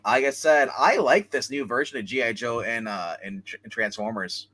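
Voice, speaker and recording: A man hosting a casual comic book chat, retelling stories in a rambling, animated way. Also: medium pitch, normal speed. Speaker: comic book show host.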